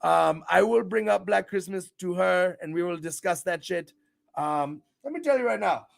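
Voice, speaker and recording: A man hosts a casual livestream, reading and greeting his chat in an upbeat, rambling way. His voice sits high for a man and carries a gravelly fry, and he bursts into loud, excited shout-outs. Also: moderate pace. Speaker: livestream show host.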